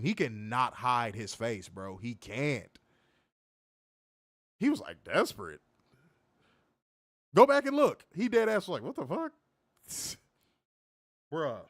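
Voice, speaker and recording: Guy, mid-pitched, swears a lot, lively recap host on a dry close mic. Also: dry recording. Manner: profane, animated, reads viewer comments aloud. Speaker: podcast co-host. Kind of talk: casual wrestling review chat.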